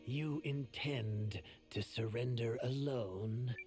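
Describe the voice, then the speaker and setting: Guy doing a scheming villain commander in a game, breathy hushed voice, slow mocking drawl. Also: medium pitch, soft background music, close to an everyday voice. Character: scheming male enemy commander, sly and cold. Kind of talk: game voice acting.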